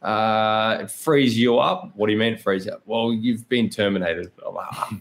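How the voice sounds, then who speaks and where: Aussie guy on a podcast, lowish voice, blunt and sweary, laughs a lot telling his story. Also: moderate pace, gravelly. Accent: Australian. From Australia. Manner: candid storytelling, swears freely, laughs often. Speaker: guest, pro cyclist. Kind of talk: casual podcast chat.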